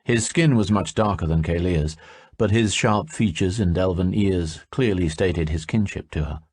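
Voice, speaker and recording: A man narrating a fantasy audiobook in a steady storytelling manner. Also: deep voice, moderate pace, slightly rough. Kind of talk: scripted narration.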